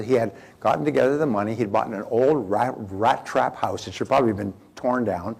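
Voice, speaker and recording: An older male motivational speaker with a gravelly, creaky edge to his voice. He lectures in a loose storytelling way to a live seminar audience, circling back and repeating phrases as he goes. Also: medium pitch, brisk, few pauses, a little mellow. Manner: conversational, rambling anecdotes with repeated phrases and restarts.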